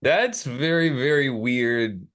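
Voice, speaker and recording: A man's voice: medium pitch, lively intonation, takes it slowly, a bit bright. A man co-hosting a podcast, chiming in casually with reactions and short asides. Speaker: podcast co-host. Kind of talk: casual chat.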